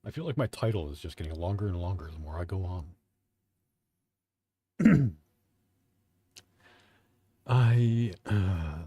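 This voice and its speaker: A young man hosts a casual live stream from home, reacting to quiz questions in an offhand, profane, self-mocking way. His voice sits low and mellow with a slightly husky edge, recorded dry and close on the mic.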